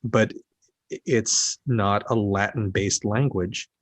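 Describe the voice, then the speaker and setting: A blunt man with a lowish voice states his opinions flatly in a casual podcast chat. The sound is close and dry. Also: takes it slowly, no room sound. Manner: blunt, emphatic, matter-of-fact.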